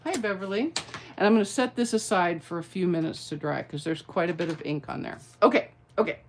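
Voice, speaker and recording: A woman's voice: fairly low pitch, lively intonation, fairly quick, slight background noise. A middle-aged woman giving a card-making tutorial, chatty and playful, with rambling asides. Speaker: craft demonstrator.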